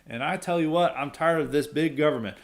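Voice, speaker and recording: A man's voice: brisk, natural voice. A man putting on a folksy Southern politician. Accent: put-on Southern US drawl. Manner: folksy, homespun campaign pitch. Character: male Southern-drawling conservative politician.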